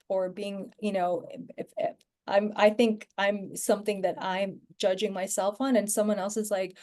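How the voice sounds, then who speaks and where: Mellow-voiced woman chatting as a guest. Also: mid-range voice, normal speed. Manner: rambling, frequent fillers and restarts. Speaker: podcast guest. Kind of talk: casual conversational podcast chat.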